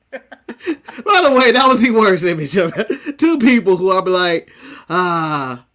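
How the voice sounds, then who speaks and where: An American man with a very high, bright voice chats casually on a podcast. His pitch swings widely as he jokes and shares strong opinions, laughing often. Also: lively intonation, a little slow. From United States. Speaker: co-host of a wrestling podcast. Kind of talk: casual chat.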